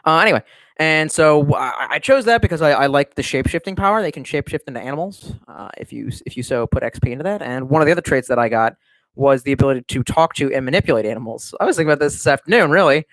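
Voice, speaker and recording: A man's voice: fairly high pitch, expressive, rapid-fire, a bit bright, dry recording. Streamer, adult man, loose and profane, talks from home with a dry, close sound. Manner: rambling and profane, with many restarts. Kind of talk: casual livestream chat.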